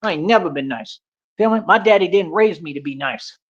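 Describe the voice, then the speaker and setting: A young man holds forth on a livestream with a high, cocky voice, throwing out street slang and challenges to his listeners. The sound is dull and lo-fi, like a cheap stream mic. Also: lively intonation, a little fast. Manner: boastful, confrontational, slangy street talk. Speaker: livestream host. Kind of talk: ranting livestream monologue.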